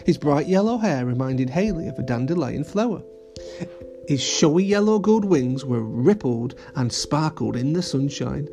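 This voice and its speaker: A man gently narrating a children's audio story. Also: fairly high pitch, animated, moderate pace, over music.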